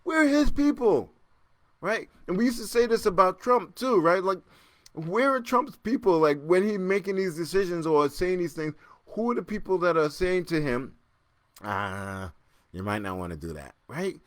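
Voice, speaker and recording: Animated joking man hosting a podcast. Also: normal speed, dry recording. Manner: animated, joking, laughs often, repeats himself; swings between loud excited bursts and low muttering. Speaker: podcast host. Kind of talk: casual solo podcast chat reading comments.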